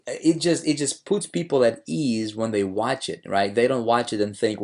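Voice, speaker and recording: A man with a hoarse voice, talking casually as a marketing coach about his own videos, rambling with many fillers and restarts. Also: medium pitch, moderate pace, few pauses, a little mellow.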